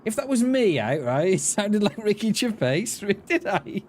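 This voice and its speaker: Man streaming a survival game, blunt and sweary, lively voice that swings around. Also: high voice, a little slow, slight background noise. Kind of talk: casual chat while gaming.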